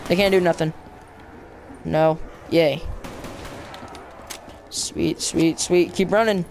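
A young channel host giving playful, excitable commentary over a zombie game. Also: medium pitch, takes it slowly, gravelly, a little hiss or hum. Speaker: gameplay commentator.

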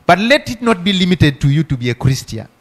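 A man's voice: high-pitched, big pitch swings, fairly quick. A middle-aged male pastor preaching a sermon. He asks the congregation rhetorical questions and punctuates his points with repeated hallelujahs.

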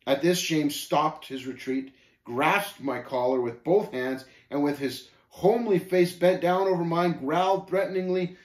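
A man reading a story aloud, narrating with expressive storytelling. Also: fairly high pitch, a little slow, reverberant. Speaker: reader.

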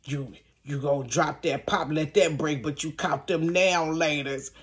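A man's voice: a little high, steady tone, a little slow, fairly bright tone, voice pushed down. A woman voicing a petty stepfather who teases in a drawling, mocking way.

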